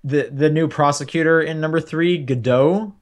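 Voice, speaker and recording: A man's voice: fairly high pitch, moderate pace, crowd noise. Chatty young man rambling about games. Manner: rambling, many fillers and restarts. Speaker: podcast co-host. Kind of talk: casual game chat.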